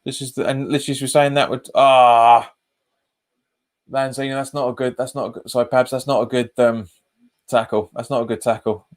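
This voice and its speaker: A man's voice: mid-range voice, flat delivery, brisk. Chatty man hosting a live match stream. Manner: chatty, reacts to live chat comments and the match; casual, says "mate" often. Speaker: host of a football fan channel. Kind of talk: live match watch-along chat. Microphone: webcam.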